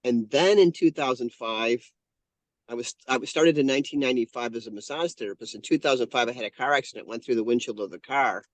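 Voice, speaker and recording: A man's voice: mid-range voice, fast, no room sound. A man in his fifties, a guest telling a heartfelt personal story in an interview, earnest and often correcting himself mid-sentence. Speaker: guest, painter and channeler.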